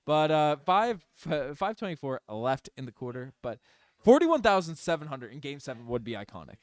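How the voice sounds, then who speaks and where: A man streaming fan play-by-play of a basketball game, excitable and openly partisan, talking to his chat. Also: fairly high pitch, normal speed, clear, resonant tone, no room sound, studio quality. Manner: excitable, biased home-team fan chatting with his chat. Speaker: streamer doing live play-by-play. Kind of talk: fan play-by-play livestream commentary.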